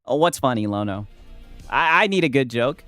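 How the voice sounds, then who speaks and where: Sarcastic man heckling with a lively voice. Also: medium pitch, moderate pace, faint music behind. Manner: sarcastic, profane, keeps calling the other man "brother". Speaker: reaction streamer. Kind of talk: casual live reaction commentary.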